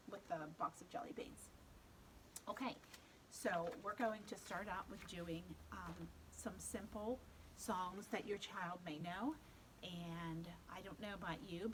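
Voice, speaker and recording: A woman children's librarian leading a virtual storytime, talking slowly and simply to little ones. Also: fairly low pitch, background noise. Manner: speaks slowly and simply to young children, coaxing.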